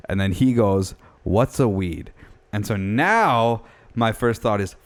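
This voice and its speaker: Young podcast dude, lowish voice, tells stories all animated, lots of swearing and laughs. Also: male voice, slow. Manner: animated, swears a lot, laughs often, acts out quotes in a raised voice. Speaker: podcast co-host. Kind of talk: casual storytelling chat.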